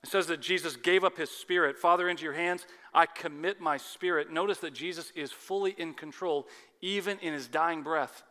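A man preaching a sermon with dramatic swings between loud urgency and hushed intensity. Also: a little high, a little fast. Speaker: pastor. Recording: long hall reverb.

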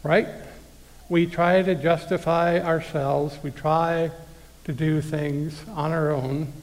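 In a gravelly, somewhat high voice, a male preacher reads scripture and talks straight to his audience in a relaxed, conversational sermon. He speaks slowly, with fairly even intonation, while the hall's long reverb lingers after each phrase.

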